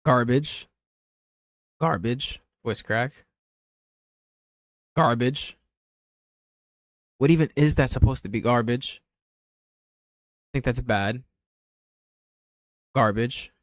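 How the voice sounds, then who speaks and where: A man's voice: mid-range voice, measured pace, pauses often, no echo, clean studio sound. Blunt, offhand male streamer. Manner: blunt, offhand, swears freely. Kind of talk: casual livestream commentary.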